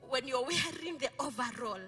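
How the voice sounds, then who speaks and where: A middle-aged woman pastor with a Kenyan accent, preaching a lively sermon in a church, playful and quizzing her congregation. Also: high-pitched, normal speed. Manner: playful, code-switching, asks the congregation questions. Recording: music behind the preaching.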